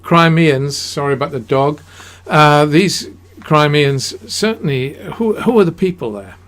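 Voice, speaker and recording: A man's voice: a little high, animated, a little slow, a bit bright. A man giving an unscripted history talk, rambling and emphatic, with many fillers and restarts. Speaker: history lecturer.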